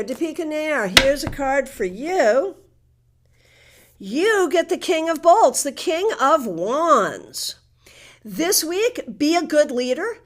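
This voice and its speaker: A woman with a New England accent, a tarot reader chatting with her live audience and giving card readings in a friendly, teasing way. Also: sits high. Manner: chatty, warm teasing with frequent laughter.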